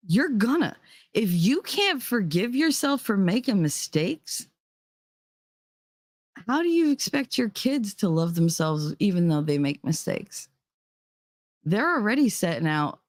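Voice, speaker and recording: A woman vlogger with a New Jersey accent and a mid-range voice delivers a blunt, profane, fiery rant to her viewers. The recording is studio quality with no echo.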